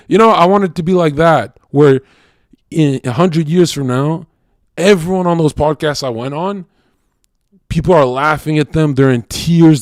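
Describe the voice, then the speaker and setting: A man talking to his stream in a casual, animated and profane monologue, swinging between loud rants and quiet asides. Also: a little high, moderate pace, no echo, studio quality.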